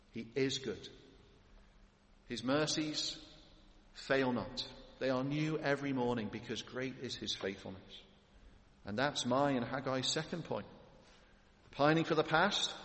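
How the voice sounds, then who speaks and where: A man preaching an expository sermon in a church, building to emphatic lists of titles. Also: medium pitch. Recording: echoey hall with long reverb.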